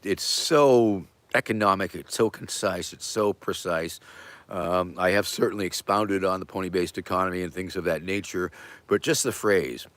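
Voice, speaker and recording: A middle-aged man hosting a casual livestream, answering viewer questions in a rambling, halting way with many fillers and a playful joking humor. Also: low voice, a bit bright, dry recording. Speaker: host.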